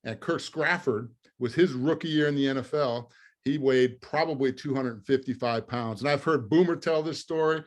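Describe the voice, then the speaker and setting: A man in his fifties spins lively stories as an interview guest, chuckling through the punchlines and filling pauses with plenty of ums and uhs. His voice sits at an ordinary middle pitch for a man. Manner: lively storyteller, laughs through punchlines, many fillers. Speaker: guest, former pro football lineman. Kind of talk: storytelling interview.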